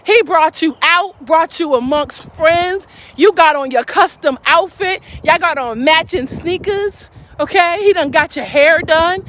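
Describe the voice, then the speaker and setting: Fervent high-voiced woman preaching. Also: a bit bright. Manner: fervent, calling out to the audience. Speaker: faith speaker. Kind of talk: preaching-style live stream talk.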